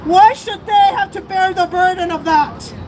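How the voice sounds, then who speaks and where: A woman's voice: very high-pitched, unhurried, a little mellow, low-quality recording. A woman giving an impassioned, emotional speech at an outdoor protest, her voice breaking at times. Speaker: speaker at a protest rally. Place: outdoors on a city street. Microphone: streamer's camera mic among the crowd. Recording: live street stream with crowd and traffic noise. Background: crowd and passing traffic.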